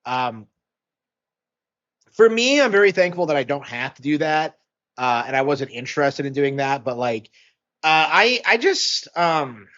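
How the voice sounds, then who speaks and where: Male commentator, higher voice, hesitant rambling, dull lo-fi sound. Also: big pitch swings, unhurried, a bit bright. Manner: rambling, hesitant, many fillers and restarts. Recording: muffled lo-fi audio.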